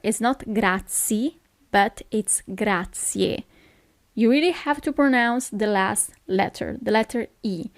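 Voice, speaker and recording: Slow, patient woman teacher. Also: a little high, a little mellow, dry recording. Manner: repeats each phrase slowly, checks in with "okay?". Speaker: Italian language teacher. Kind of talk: slow, clear phrase lesson.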